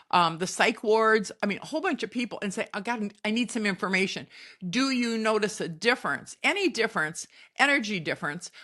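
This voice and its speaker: A middle-aged woman with a bright, ringing voice delivers a spiritual advice monologue. She lectures in a folksy, emphatic way and scolds her listeners as she goes. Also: medium pitch. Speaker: podcast host.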